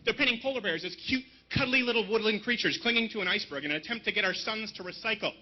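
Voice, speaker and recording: A man's voice: high-pitched, quick pace, highs cut off. A man raised in Canada doing a stand-up comedy set at an outdoor rally, with punchy delivery and mocking asides.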